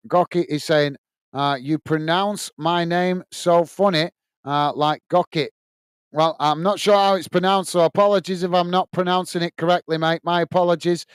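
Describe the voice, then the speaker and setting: A man's voice: high voice, smooth, no room sound. A middle-aged man with a Northern English accent, hosting a football watch-along, calling the match and reading out viewer messages in a blunt, chatty way. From north of England. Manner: chatty, blunt, laughs easily, says mate a lot.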